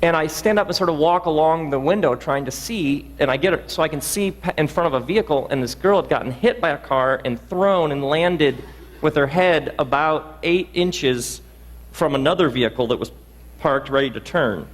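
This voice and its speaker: A man giving a reflective storytelling talk, earnest and halting, restarting his sentences often. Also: on the high side, big-room sound, low-quality recording. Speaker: speaker.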